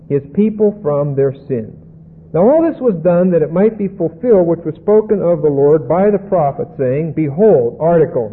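Slow deliberate male Bible teacher. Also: on the high side. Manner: slow, deliberate, checks in with "Okay?". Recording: tinny phone-like band with faint hum.

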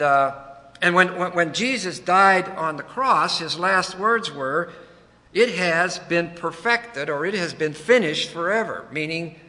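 Bright and forceful, a fairly high male voice from the United States delivers an emphatic sermon, unpacking a Bible verse one word at a time with homespun joking asides. The big hall adds a long echoing reverb.

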